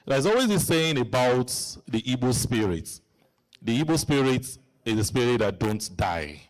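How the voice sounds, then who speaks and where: A man hosting a live community Q and A in a hall, chatty and joking as he coaxes the audience to ask questions. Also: medium pitch. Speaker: event host.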